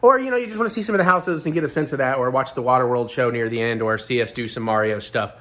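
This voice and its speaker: A man hosting his own vlog in casual chat, his voice hoarse and gravelly, rambling on with self-deprecating asides. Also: mid-range voice, fast talker, a bit bright. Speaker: vlog host.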